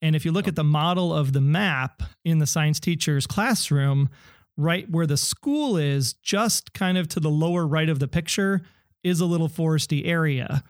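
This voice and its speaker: A man's voice: a little high, moderate pace, no echo, studio quality. A man co-hosting a podcast, eager and theorizing, reading listener messages in casual chat. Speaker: podcast co-host.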